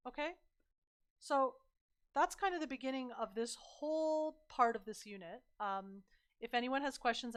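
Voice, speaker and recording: A young woman tutoring math on a livestream, chatty and encouraging, her voice slightly hoarse. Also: fairly high pitch, fairly bright tone. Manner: chatty, encouraging, addresses viewers as "you guys".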